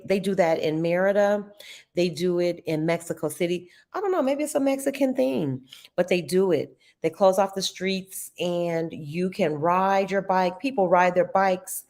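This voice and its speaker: A middle-aged woman hosting a live trading stream, chatting casually and expressively with her viewers. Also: on the low side. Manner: chatty and expressive, talks to chat as y'all.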